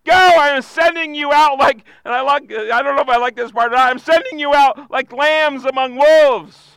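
A man preaching a sermon with passion, using repeated phrases and sudden shouted bursts. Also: extremely high pitch, moderate pace, vocal fry, dry recording, poor audio. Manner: impassioned preaching, repetitive cadences, bursts of shouting. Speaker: pastor.

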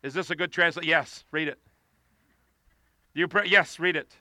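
A man preaching a sermon outdoors, impassioned and rising to pleading shouts. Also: on the high side, steady tone, normal speed, dry recording.

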